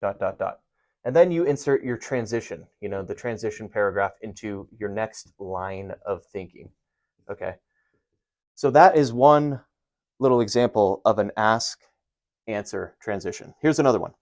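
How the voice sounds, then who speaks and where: A man giving a casual writing lesson, energetic and profane, with rambling asides, sometimes loud and sometimes muttering under his breath. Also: fairly low pitch, normal speed. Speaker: writing teacher. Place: home room writing on a board.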